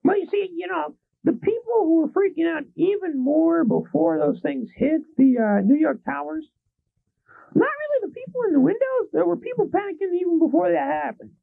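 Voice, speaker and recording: Gravelly high-voiced Texan man on a tinny line. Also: big pitch swings, moderate pace, no echo. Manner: profane, gravelly, rambling. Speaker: public access show host. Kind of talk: crude rambling talk show rant. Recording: tinny lo-fi public access audio.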